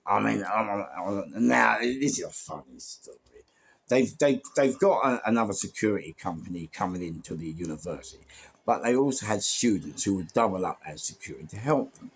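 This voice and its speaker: A low-voiced man tells his old doorman stories in a loose, rambling podcast style. His voice is gravelly and husky, and he keeps circling back with fillers and repeated words. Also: animated, fairly quick. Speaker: former doorman and security firm owner telling stories. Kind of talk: casual podcast storytelling.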